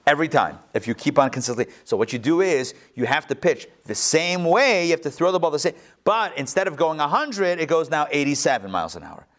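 A rabbi giving a live Torah class, animated, with joking asides and quick self-corrections. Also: male voice, a little high.

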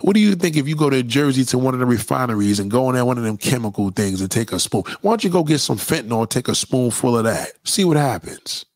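A man's voice: medium pitch, fast, hardly any pauses, darkish tone, no room sound, studio quality. A man delivering a profane, preachy rant straight at his audience. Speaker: commentator. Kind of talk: impassioned monologue rant.

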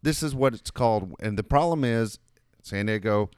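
A man's voice: fairly low pitch, lively intonation, normal speed, a little mellow, clear, resonant tone, dry recording, studio quality. A man co-hosting a sports talk show who gives blunt, lecturing opinions. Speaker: sports radio co-host.

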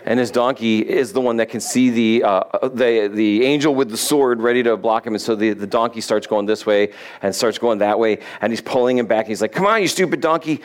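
A man's voice: lowish voice, steady tone, brisk. A male pastor giving a sermon, retelling Bible stories in a casual, conversational way and acting out the characters.

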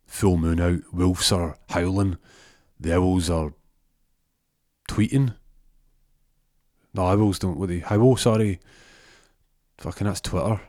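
A man's voice: deep voice, a little mellow, dry recording, clean studio sound. A man telling a crude comic story in a rambling way, with many restarts.

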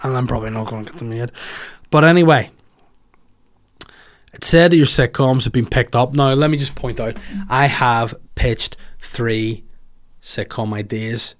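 A comedian, rambling through listener questions in a crude, jokey podcast chat. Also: male voice, medium pitch, moderate pace, long pauses.

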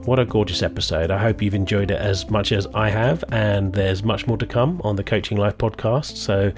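A low-pitched man hosts a podcast in a relaxed, joking tone, poking fun at himself. Music plays clearly beneath his voice. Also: moderate pace. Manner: joking, self-deprecating. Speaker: podcast host. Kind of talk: casual podcast chat and outro.

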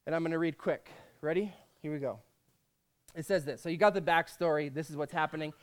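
A man's voice: fairly high pitch, brisk. A man preaching in a casual, jokey way, reading scripture aloud between conversational asides.

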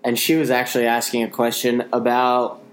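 A young man, co-host of a casual talk show, chatting in a relaxed, rambling way. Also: mid-range voice, moderate pace. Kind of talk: casual chat. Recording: echoey room with faint hiss.

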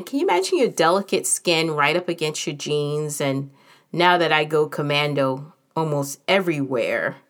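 Frank, chatty woman with a lowish voice. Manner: frank, candid and humorous; chatty, with many fillers. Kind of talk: casual personal storytelling.

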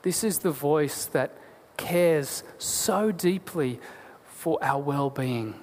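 A man preaching a sermon as a pastor, earnest and deliberate, asking rhetorical questions. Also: a little high, a little mellow. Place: church. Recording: long church hall reverb.

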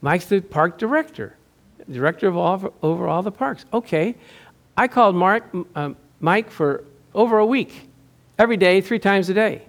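High-voiced man preaching a story sermon. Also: lively intonation, normal speed. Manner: chatty storytelling, laughs often. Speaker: pastor.

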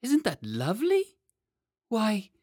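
A man's voice: high-pitched, normal speed, dry recording, studio quality, pitched above the performer's own voice, heavily acted. A man voicing an eager, curious young boy king in a storybook reading. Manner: excited, chirpy.

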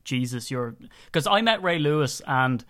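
An Irish man hosting a relaxed sports chat, full of banter and quick jokes. He talks fast and tells stories with a lot of energy. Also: medium pitch. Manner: jokey storyteller, quick and chatty. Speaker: podcast host. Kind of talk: casual chat.

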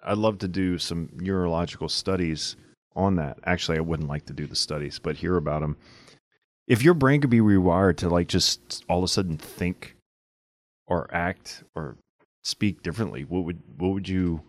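A man's voice: deep voice, normal speed. A man co-hosting a casual faith podcast, chatty and affirming, thinking aloud with frequent restarts. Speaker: podcast co-host.

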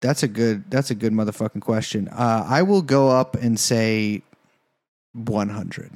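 A man's voice: fairly low pitch, a little slow, darkish tone. Crude, joking male podcast co-host. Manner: crude, joking, swears a lot. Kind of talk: casual podcast chat.

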